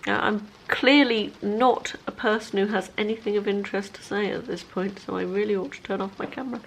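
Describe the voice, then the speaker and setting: A woman's voice: mid-range voice, fairly even intonation, brisk, vocal fry, slight background noise. A woman in her fifties chatting casually to her camera at home, rambling and self-deprecating as a lifestyle vlogger. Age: 50s. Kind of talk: casual vlog chat to camera. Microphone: handheld camera.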